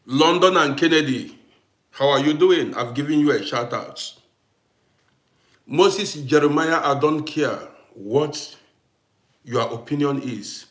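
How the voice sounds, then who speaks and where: A man from Africa, host of a live stream, chatting casually with viewers and turning heated and loud as he answers a critic. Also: a little high, takes it slowly, long pauses, reverberant. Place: home in Austria.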